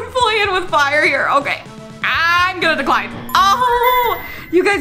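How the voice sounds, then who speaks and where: A bubbly woman talks her viewers through game-play in a high voice that swoops up and down all the time, breaking into squeals and gasps. Music plays clearly behind her. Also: expressive, moderate pace. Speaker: gaming channel host. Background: background music.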